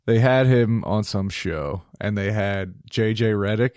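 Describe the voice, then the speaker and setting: A man's voice: fairly low pitch, a little slow, darkish tone, no echo, studio quality. A young man co-hosting a casual sports podcast, blunt and sarcastic, swearing often. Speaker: podcast co-host.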